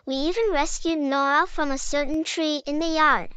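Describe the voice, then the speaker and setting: A woman voicing a cheerful young schoolgirl who is quick to cry, in a homemade cartoon. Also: sits high, fairly even intonation, bright, forceful tone, no room sound. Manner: eager, chatty, quick to cry. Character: young schoolgirl, cheerful, fears getting wet.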